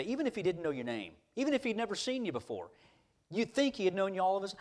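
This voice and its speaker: A pastor with a high-pitched voice speaks fast in a storytelling sermon. His delivery is animated and folksy, and he keeps restarting his sentences.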